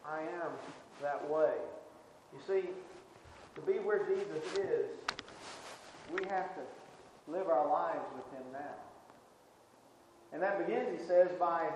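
A man with a somewhat high voice preaches in an earnest, emphatic way, circling back and restarting his phrases as he builds each point. His voice rings through a very echoey hall with a long reverb tail. A faint hiss of noise sits underneath. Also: unhurried, pauses often, darkish tone. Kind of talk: sermon.

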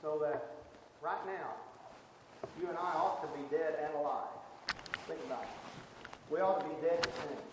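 A man preaching a sermon earnestly, rising loud on exhortations and dropping low and soft. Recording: echoey hall picked up from far off with background noise.

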